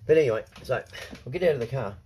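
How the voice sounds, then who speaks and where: A man's voice: mid-range voice, animated, fast talker, dull audio, a little hiss or hum. A man with an Australian accent, ranting in a casual vlog monologue. He swears a lot, repeats himself, and keeps tagging his sentences with "right?". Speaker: vlogger.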